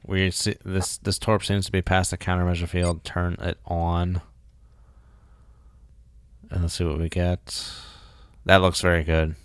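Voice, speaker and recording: A man's voice: low voice, little pitch movement, unhurried, long pauses, clear, resonant tone, dry recording, clean studio sound. A man casually thinking aloud while streaming a game, muttering and joking at himself. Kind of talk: casual live gameplay commentary.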